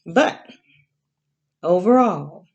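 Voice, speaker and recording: Lady preaching slow and low, keeps asking "okay?", stretches out her big words. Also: animated, slightly rough, lo-fi sound. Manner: slow and repetitive, with many "okay?" check-ins. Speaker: online Bible teacher. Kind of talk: casual spoken sermon to camera.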